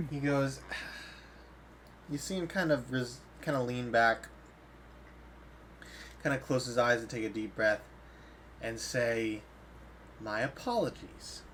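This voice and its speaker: A man's voice: mid-range voice, takes it slowly, long pauses, fairly bright tone. Dm guy narrating a dnd session, plain mid voice, bit of noise. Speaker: game master. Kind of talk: narrating a tabletop game.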